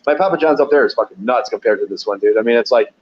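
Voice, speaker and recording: A man's voice: medium pitch, rapid-fire. Profane rambling man, lo-fi sound. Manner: profane, rambling, laughs often, acts out quotes. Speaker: podcast guest, pizza delivery driver. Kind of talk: casual storytelling. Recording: dull lo-fi audio.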